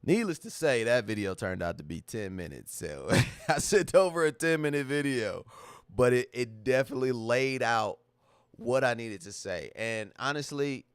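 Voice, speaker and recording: A man with a lowish, clear, resonant voice hosts a livestream, recorded dry. He talks casually to his chat in a candid, emotional, slang-heavy way, repeating himself.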